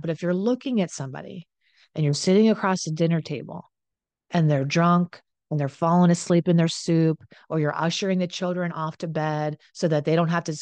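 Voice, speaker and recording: A woman's voice: deep voice, darkish tone, no room sound. A woman coaching on addiction and relationships, talking frankly and conversationally, repeating phrases for emphasis. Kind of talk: direct-to-camera advice monologue.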